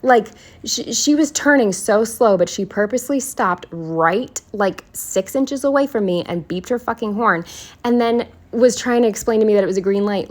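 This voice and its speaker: A woman in her twenties chatting casually through her planner week, swearing freely and filling pauses with "um" and "like". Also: medium pitch. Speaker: planner vlogger. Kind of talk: casual chat.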